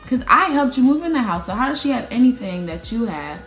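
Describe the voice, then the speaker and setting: Young woman, casual storytime vlogger, animated and slangy, acts out quotes; roomy echo. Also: fairly high pitch, fairly quick, soft background music. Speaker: vlogger telling a personal story.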